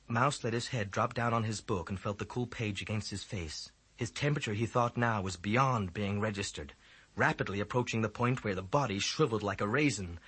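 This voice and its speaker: A man with a husky voice narrating a children's book aloud, reading expressively. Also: lowish voice, a little fast, fairly bright tone, dry recording. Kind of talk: audiobook narration.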